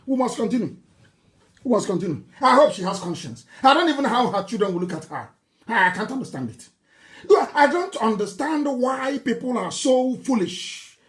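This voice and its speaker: A man with a Nigerian accent giving an impassioned live broadcast speech, mocking and scornful, laughing and shouting at times. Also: very high voice, lively intonation, moderate pace. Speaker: political broadcaster.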